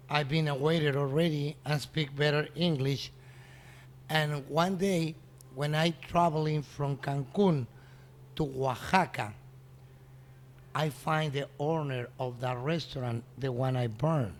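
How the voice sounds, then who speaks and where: A man's voice: a little high, fairly bright tone. Man telling a story in English. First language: Spanish. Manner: halting, non-native English with frequent restarts, acts out the dialogue he quotes. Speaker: restaurant owner, interview guest. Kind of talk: anecdotal storytelling in an interview.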